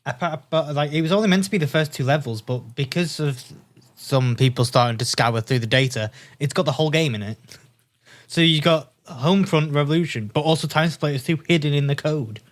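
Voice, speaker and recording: A man's voice: on the high side, brisk. A man co-hosting a casual gaming podcast, laid-back and plain-spoken. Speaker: podcast co-host.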